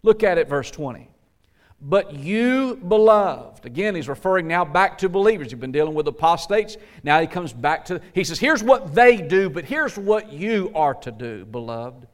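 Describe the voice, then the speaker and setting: High-voiced emphatic preacher man. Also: sing-song, normal speed, hardly any pauses. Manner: emphatic preaching, rising questions, dropping to soft endings; folksy, says "gotta" and "ain't". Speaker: pastor. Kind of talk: sermon.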